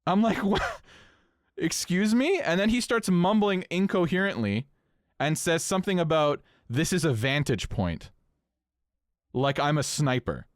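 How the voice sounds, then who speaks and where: Animated man telling a story. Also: moderate pace, no echo. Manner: animated, swings pitch up when incredulous, swears casually. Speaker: podcast co-host. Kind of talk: casual storytelling chat.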